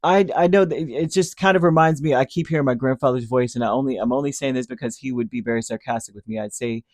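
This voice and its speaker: A man's voice: medium pitch, fast, darkish tone, dry recording, clean studio sound. A man giving a casual, rambling tarot reading, who acts out little voices as he talks. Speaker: tarot reader.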